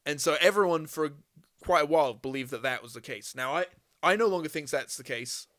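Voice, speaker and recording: A young man with a fairly high voice tells a story on a podcast. He talks in a loose, animated way, swears freely, and acts out the other people in the story. The tone stays casual. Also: brisk. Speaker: podcast host. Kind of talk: casual chat.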